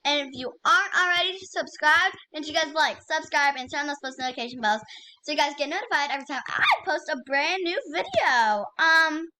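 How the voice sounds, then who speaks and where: A young woman with a high, bright voice chats through her gameplay on her channel. She talks casually and excitably, piles on fillers and repeats the same exclamations again and again. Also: brisk, slight background noise. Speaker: gaming YouTuber.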